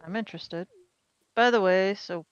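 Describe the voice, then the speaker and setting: A woman streaming a farming game with a friend, playful and full of quick questions. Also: mid-range voice, clean tone, no room sound. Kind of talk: casual co-op gameplay chat. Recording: dry, dull lo-fi mic.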